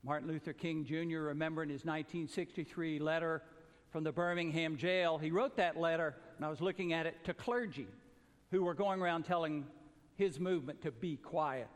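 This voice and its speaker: Man, pastor from the American South, sermon, high voice, earnest, builds to emphatic calls then drops soft, long church reverb. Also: fairly even intonation, brisk.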